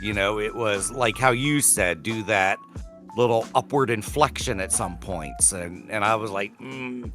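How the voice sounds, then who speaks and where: A man's voice: lowish voice, unhurried, music in the background. A man, co-hosting a casual podcast chat and telling stories that act out the quotes. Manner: animated storyteller, acts out quotes loudly. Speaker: podcast co-host.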